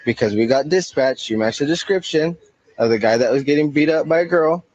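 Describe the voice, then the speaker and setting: A man's voice: a little high, fairly quick, a little mellow, dry recording, dull audio. A man working as a police officer, questioning someone during a stop and insistently repeating himself.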